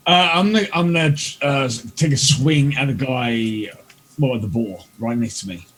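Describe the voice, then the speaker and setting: A man playing in a tabletop game, halting as he talks through his move. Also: mid-range voice, a bit bright, rough recording. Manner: halting, stumbles over his turn. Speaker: player. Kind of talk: casual tabletop game chat.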